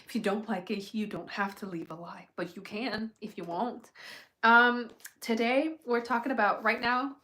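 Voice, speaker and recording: A woman's voice: fairly high pitch, fairly even intonation, moderate pace, sharp tone, rough recording. Chatty young woman giving frank advice. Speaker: livestream host. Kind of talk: casual livestream chat.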